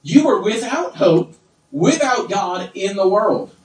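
A middle-aged man preaching a sermon, swinging between low asides and loud, high exclamations. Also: lively intonation, takes it slowly. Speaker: pastor. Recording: roomy sound from far off.

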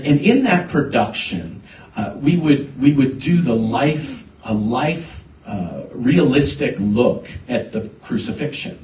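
Male pastor, sermon, slow halting delivery, echoey sanctuary, heard from a distance. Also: medium pitch. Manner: halting, many restarts, builds to emphatic preaching. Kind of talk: sermon with personal story.

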